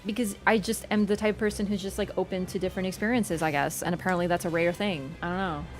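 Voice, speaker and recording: A young woman game streamer chatting casually with her viewers, telling stories in an animated, excitable way and swearing freely. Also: fast talker. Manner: animated, excitable storytelling with sudden high squeals. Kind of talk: casual livestream chat. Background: background game music.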